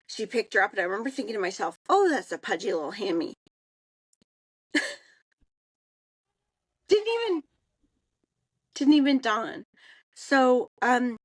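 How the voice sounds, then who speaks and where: A woman, co-hosting a podcast and telling a casual story in an animated way, acting out the people she quotes. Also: a little high, dry recording, rough recording. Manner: animated, acts out quoted voices. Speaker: podcast co-host.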